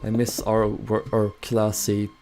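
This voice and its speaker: A man's voice: lowish voice, unhurried, creaky. A man with a Swedish accent, chatting casually and joking with his live-stream chat while he builds. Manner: relaxed, joking replies to chat. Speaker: Minecraft streamer. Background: music.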